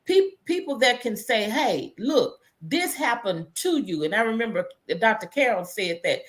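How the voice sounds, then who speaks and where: A woman's voice: fairly high pitch, very animated, normal speed, hardly any pauses. A woman hosting a conversation, speaking reflectively, often restarting and repeating her words. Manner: reads out viewer comments. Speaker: host. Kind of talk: casual conversation.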